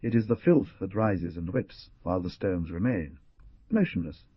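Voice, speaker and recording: A man voicing a stern, proud old village man who talks in a gruff, lecturing way in an audiobook reading. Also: sits low, moderate pace, dry recording, dull audio. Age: older.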